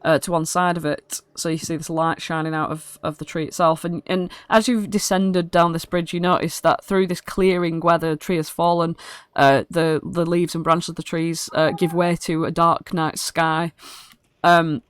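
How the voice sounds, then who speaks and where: British woman DMing, rambly and sweary, smooth clear voice, dry sound. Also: on the low side, level tone, moderate pace, dry recording. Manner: casual, rambling with fillers, swears. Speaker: dungeon master. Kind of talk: narrating a tabletop game.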